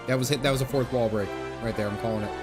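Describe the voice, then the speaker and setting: A man's voice: mid-range voice, very fast. Rambling male gaming streamer. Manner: rambling and excitable, many fillers and restarts. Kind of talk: casual livestream commentary. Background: game music.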